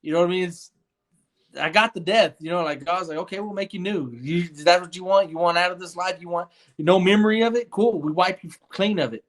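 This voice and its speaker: A young man recounts his experiences in a loose, earnest interview manner. He rambles and restarts his sentences, filling gaps with "you know", and his voice sits a little high for a man. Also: brisk. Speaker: guest. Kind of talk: casual storytelling interview.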